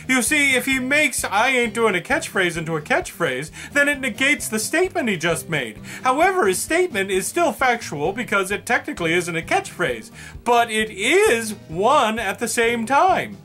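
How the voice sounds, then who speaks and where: Casting: a man as a high, sharp-voiced puppet host, sarcastic and frazzled, in a comedy sketch with faint music behind. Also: sing-song, normal speed, exaggerated voice. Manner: dry, sarcastic, reading listener suggestions. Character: exasperated male puppet segment host. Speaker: segment host.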